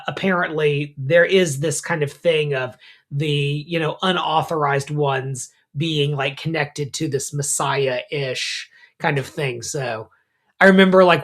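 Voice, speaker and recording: A middle-aged man, a rabbi co-hosting a podcast, telling stories in an animated, casual way with lots of fillers and asides. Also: on the high side. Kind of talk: casual conversation.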